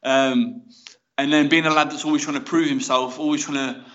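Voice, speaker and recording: A young man with a Black Country accent talks fast and frankly, telling his story as a podcast guest. His delivery is chatty and full of fillers. The recording sounds slightly dull and lo-fi. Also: a little high, fairly even intonation, fairly bright tone. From West Midlands, England. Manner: chatty and frank, with many fillers like "mate" and "you know". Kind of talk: casual storytelling in a podcast interview.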